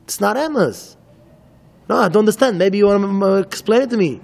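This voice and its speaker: A man teaches a Torah lesson in a fairly high voice. He speaks haltingly, repeating words as he acts out little dialogues, and his voice rings with a long hall reverb. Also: creaky, darkish tone. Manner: halting and repetitive, acts out back-and-forth dialogues. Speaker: rabbi. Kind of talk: Torah lecture in English.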